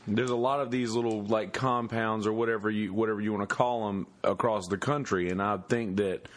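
A man's voice: fairly low pitch, steady tone, a little fast. A man co-hosting a podcast, chiming in with dry, wry asides in casual chat.

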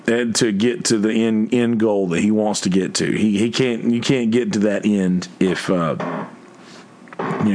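Musician vlogger, male, lowish voice, rambling rant full of profanity and restarts. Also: a little mellow. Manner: many restarts and filler words. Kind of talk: casual livestream chat.

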